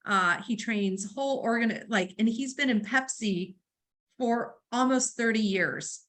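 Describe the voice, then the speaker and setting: A woman delivers a real estate training talk in a bright, somewhat high voice. She is conversational, leans on fillers, and brings her stories to life by voicing each side of the dialogue. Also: measured pace, rough recording. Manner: storytelling, acts out dialogue; conversational, uses fillers like um and right.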